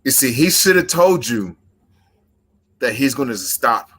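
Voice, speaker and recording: Squaring up to his opponent, a man cuts a wrestling promo in a forceful, bright, husky voice at mid-range pitch. His delivery is animated yet measured and emphatic.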